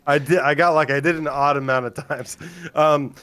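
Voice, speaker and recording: A man's voice: on the high side, fairly even intonation, a little fast, a bit bright, clean tone. A man co-hosting a casual livestream, laid-back, laughing often and filling gaps with 'like' and 'um'. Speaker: podcast co-host.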